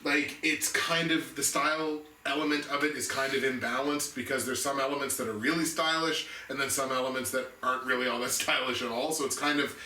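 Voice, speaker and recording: A man's voice: medium pitch, steady tone, a little fast, few pauses, bright, forceful tone, recorded from a distance. A man co-hosting a movie review show, chatting casually and enthusiastically about films, rambling with restarts. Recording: echoey room, voice off-mic, faint noise.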